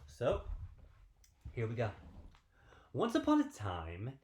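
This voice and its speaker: A man, a PE teacher, telling a story to young children in an animated, sing-song way from home. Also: mid-range voice, takes it slowly, echoey room.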